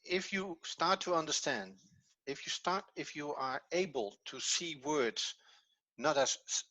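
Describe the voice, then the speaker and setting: A man's voice: fairly high pitch, expressive, a little slow, bright, forceful tone. A man with a Dutch accent, a native Dutch speaker teaching a language lesson in English, patiently repeating key words as he explains. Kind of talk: classroom lesson.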